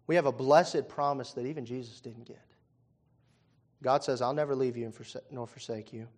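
A man preaching a sermon, moving from quiet conversational storytelling to loud, impassioned peaks, with frequent "uh" and "you know" fillers. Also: mid-range voice, fairly even intonation, normal speed.

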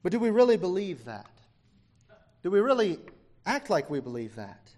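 A man with a notably high voice delivers a sermon. His fervour swings from quiet, close passages to ringing near-shouts. He leans on "uh" as he moves from one phrase to the next. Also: big pitch swings, normal speed. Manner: frequent "uh" fillers. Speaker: preacher.

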